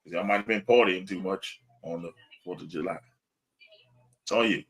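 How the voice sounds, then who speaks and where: A man's voice: sits low, normal speed, slightly rough. Laid-back joking man hosting a podcast. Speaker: podcast host. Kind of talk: casual sports podcast chat.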